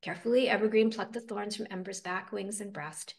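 Woman reading a picture book aloud, gravelly. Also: medium pitch, brisk. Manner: expressive, dramatic storytelling. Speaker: storybook reader.

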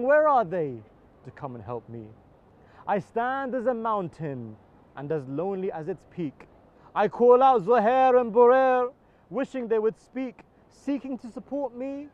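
A man's voice: high voice, lively intonation, measured pace, a little mellow, lo-fi sound. A man giving an impassioned religious poem recitation at a live outdoor event, his voice swelling on the big lines. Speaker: poetry reciter.

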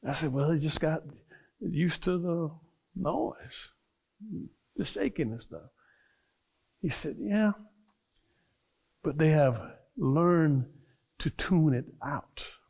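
A male minister with a fairly high voice, preaching at a church service. He tells stories in a loose, conversational way, keeps asking the congregation questions and waits for their answers, then rises into fervent preaching. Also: takes it slowly, creaky, pauses often, breathy edge. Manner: quizzes the congregation with call-and-response questions; builds from relaxed storytelling to fervent preaching. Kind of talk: conversational sermon.

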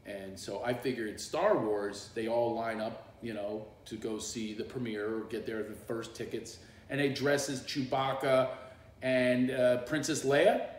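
A middle-aged comedian tells loose, rambling stories on a livestream and often laughs along the way. His voice sits at an ordinary pitch for a man. It bounces around a small office, with a faint hum of room sound underneath. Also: fairly even intonation, a little slow, roomy sound. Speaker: comedian and coach hosting a livestream. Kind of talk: casual storytelling on a livestream.

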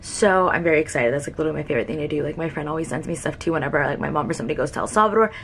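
Young woman, beauty vlogger, casual chat to camera, lowish voice, emotional, filler-heavy, faint room hum. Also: racing, creaky. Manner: chatty, emotional, many "like" fillers.

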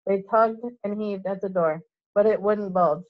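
A woman's voice: mid-range voice, a little slow. Woman teacher reading a storybook aloud. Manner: clear, steady reading with small slips. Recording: dull lo-fi recording.

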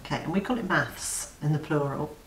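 A woman with a southern English accent, a guest in a casual chat, lively and teasing and quick to laugh. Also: sits low, roomy sound, distant mic, slight background noise, rough recording. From England.

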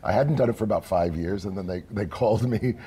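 Deep-voiced actor with halting speech. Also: male voice, over a noisy crowd. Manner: relaxed, halting, frequent "uh"s. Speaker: stage actor guest. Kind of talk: TV studio interview. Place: TV news studio.

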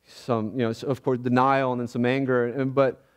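A pastor preaching a sermon, earnest and reflective, often pausing and halting as he speaks. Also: mid-range voice, flat delivery, clear, resonant tone. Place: church.

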